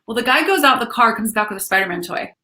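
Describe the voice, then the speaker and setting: A woman's voice: a little high, expressive, fast, pushed and bright. A woman hosting a casual live stream, talking frankly and swearing freely as she rambles through a personal story.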